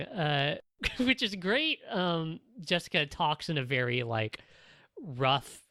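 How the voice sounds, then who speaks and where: A podcast co-host in a casual discussion, talking in an animated way with many fillers and restarts. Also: medium pitch, slow pace, no echo.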